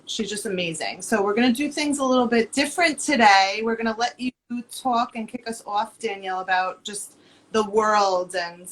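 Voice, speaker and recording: A woman's voice: medium pitch, a bit bright, a little hiss or hum, rough recording. A woman hosting a live online show, introducing her guest in a bubbly, friendly way. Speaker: host. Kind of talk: casual live-stream talk.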